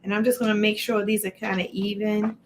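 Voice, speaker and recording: A woman's voice: medium pitch, little pitch movement, a little fast, noisy background. A woman hosting a casual live cooking stream from her home kitchen, chatting to viewers by name while she chops. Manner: chatty, greets viewers by name mid-task. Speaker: livestream cooking host.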